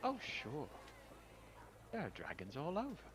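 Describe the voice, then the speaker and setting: A man voicing a languid female water spirit who lives in a pool, speaking softly and gently. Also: medium pitch, wildly swooping pitch, unhurried, background noise, pitched above the performer's own voice. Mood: dreamy.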